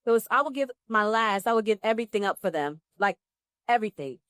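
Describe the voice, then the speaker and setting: A woman from New Jersey, a guest actress telling her story in a live interview, with lively acted-out dialogue. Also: mid-range voice, quick pace, clean tone, no echo, studio quality. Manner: animated, acts out dialogue with laughs and exclamations. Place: live pop-up event at a film festival.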